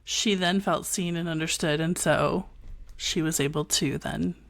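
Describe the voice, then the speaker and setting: A woman's voice: sits low, fairly even intonation, unhurried, vocal fry. A woman hosting a podcast conversation who is affirming and conversational and often voices agreement. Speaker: podcast host.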